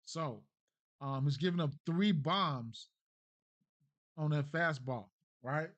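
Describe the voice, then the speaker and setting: A man's voice: a little high, slow, dry recording, highs cut off. Slangy man thinking aloud, dry close mic. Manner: loose, slangy, repeats "right?" often; thinks aloud, trails off and restarts. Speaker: sports betting host. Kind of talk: casual betting breakdown.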